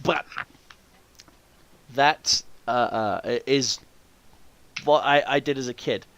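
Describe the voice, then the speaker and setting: A man hosting a podcast, telling an animated story full of swearing and acted-out voices. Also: medium pitch, slow, smooth, muffled recording. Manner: swears freely, animated, acts out quoted voices. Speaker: podcast host. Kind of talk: casual storytelling chat.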